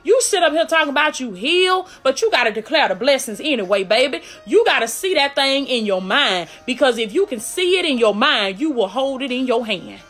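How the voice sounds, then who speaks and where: A woman's voice: on the high side, big pitch swings, fairly quick, few pauses, fairly bright tone, soft background music. A woman preaching a fervent live-streamed sermon with a call-and-response cadence, repeating "glory be to God" between lines.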